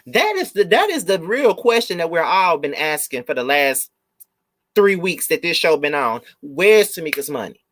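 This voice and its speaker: A man's voice: on the high side, sing-song, moderate pace, a bit bright. A man hosting a live review, ranting emphatically to his viewers with blunt, profane repetition. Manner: blunt, swears freely. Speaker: video host and reviewer.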